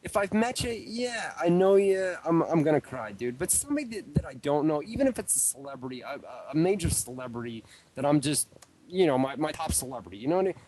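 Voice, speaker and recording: With a crowd in the background, this wrestling radio co-host talks fast in a fairly high, sing-song voice. It's casual chat on a live show, rambling and repetitive, peppered with fillers and "dude."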